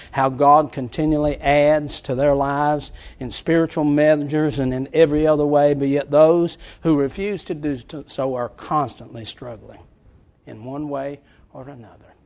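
Folksy preacher with a high voice. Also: male voice, a little mellow. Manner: folksy, frank, chuckling asides. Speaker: pastor. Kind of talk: sermon.

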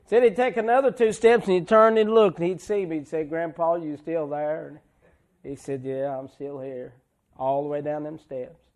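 A man's voice: on the high side, fairly even intonation, a little mellow. A man preaching a sermon, telling folksy stories and swelling into emphatic lines. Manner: slow, folksy storytelling with rising emphatic swells.

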